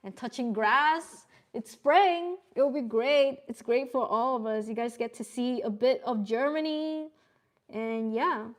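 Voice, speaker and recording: A woman's voice: a little high, measured pace. A young woman streaming from home, chatting casually with viewers as she draws, often laughing and swearing. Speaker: artist streamer. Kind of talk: casual live-stream chat while drawing.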